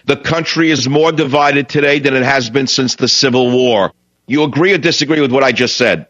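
A man's voice: medium pitch, fairly quick, fairly bright tone, no echo. An older man hosting a talk radio show, emphatic and combative, repeating his lines for effect. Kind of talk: talk radio monologue and call-in. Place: radio studio. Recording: dry, slightly dull studio sound.

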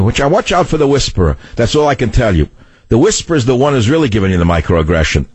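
Talk radio host, New York accent, loud and argumentative, husky, dry studio sound. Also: male voice, mid-range voice, big pitch swings, fast, no echo. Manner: loud, combative, rambling.

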